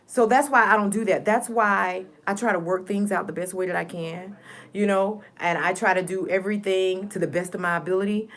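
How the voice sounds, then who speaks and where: A woman's voice: mid-range voice, steady tone, fairly quick, fairly bright tone. A woman talking to her viewers in a heartfelt, rambling way, repeating herself for emphasis. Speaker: vlogger. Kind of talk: casual personal vlog.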